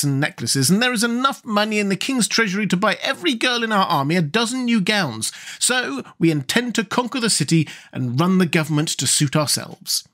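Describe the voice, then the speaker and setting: A man reading an audiobook, voicing a brisk and proud young woman who leads a rebel army, with a sharp, commanding manner. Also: sits high, pitched above the performer's own voice, full character voice.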